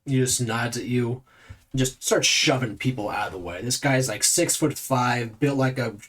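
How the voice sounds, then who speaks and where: A man's voice: medium pitch, moderate pace, a bit bright. A man running a tabletop game as game master, narrating loosely with many fillers.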